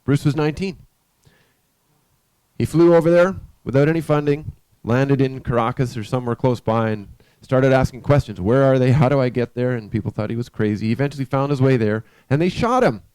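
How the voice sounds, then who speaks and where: Male preacher, relaxed dark tone, close dry recording, chatty story delivery with restarts. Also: mid-range voice, clean tone, no echo. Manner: conversational, halting with restarts. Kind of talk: storytelling sermon. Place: church.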